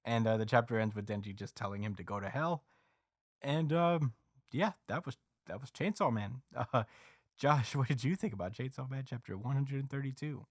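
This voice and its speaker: A man hosting a podcast, casually recapping a story with lots of fillers and quick acted quotes. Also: mid-range voice, dry recording, clean studio sound. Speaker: podcast host recapping a manga chapter. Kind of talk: casual chat.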